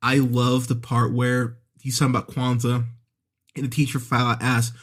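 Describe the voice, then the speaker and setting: A man hosts a movie podcast, reviewing an episode in a relaxed, talkative style, laughing often and peppering his speech with fillers and restarts. His voice sits in the mid range, moving at a moderate pace with a completely flat delivery.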